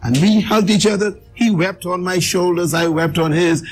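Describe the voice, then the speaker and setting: A man's voice: high-pitched, moderate pace, faint music behind. A man, an author and guest speaker, telling a personal story in an interview with emphatic, dramatic delivery. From Bahamas.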